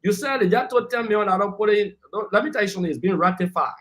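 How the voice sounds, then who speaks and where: Brief: man, high-pitched panelist, combative and lecturing, heated political debate. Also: rapid-fire, a bit bright. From Liberia. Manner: combative, lecturing, talks over interruptions.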